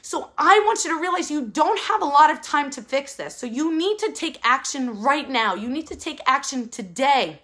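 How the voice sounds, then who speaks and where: A woman's voice: high voice, animated, normal speed, few pauses, sharp tone. A woman in her thirties giving an urgent, emphatic motivational talk to parents, repeating her key phrases. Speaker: parenting coach.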